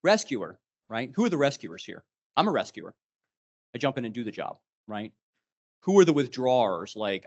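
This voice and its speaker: A man's voice: medium pitch, sing-song, normal speed, pauses often, darkish tone, muffled recording. A man leading a live leadership workshop, animatedly quizzing the group. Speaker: leadership trainer.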